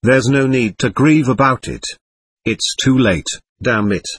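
A man voicing an excitable, melancholy young man who rambles through toasts and gloom. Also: mid-range voice, unhurried, husky, dry recording. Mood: brooding.

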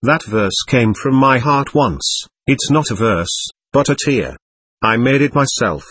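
A restless young man lurches between toasts and gloom in a rambling, husky voice, as a man reads him from a storybook. His voice swings widely, sometimes sinking low. The sound is dry. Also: lively intonation, unhurried, a bit bright, no echo. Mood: brooding. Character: excitable melancholy young man drinking.

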